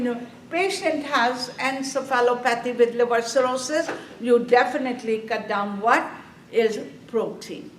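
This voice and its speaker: A slow-spoken woman, lecturing a nursing review class. She keeps asking her students questions and answering them herself, pressing each point home. She is recorded from across an echoey classroom, with faint room noise behind her. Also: high-pitched, recorded from a distance. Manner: quizzing students with repeated questions, slow and emphatic. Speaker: nursing exam instructor.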